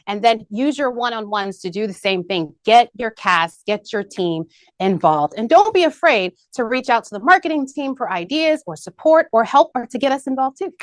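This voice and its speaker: A woman's voice: fairly high pitch, animated, normal speed, no echo. A woman presenting to a team in an upbeat business meeting, peppy and rallying, repeating key points. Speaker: marketing presenter. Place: video call meeting.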